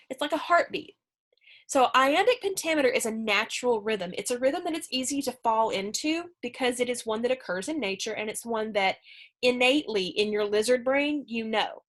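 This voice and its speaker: Speaking at a measured pace, this woman has a somewhat high, animated voice. She's giving a recorded remote middle school English lesson, chatty in style and full of fillers and asides as she explains.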